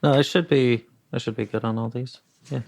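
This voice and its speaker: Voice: mid-range voice, steady tone, a little fast, gravelly, darkish tone. A player at a tabletop game, speaking hesitantly and asking questions. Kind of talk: casual tabletop game talk.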